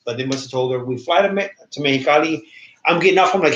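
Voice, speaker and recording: A man co-hosting a casual podcast, telling stories in an animated way with plenty of swearing. His voice sits a bit high for a man. The recording echoes around the room and has a dull, lo-fi quality. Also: fast talker. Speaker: podcast co-host. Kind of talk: casual chat.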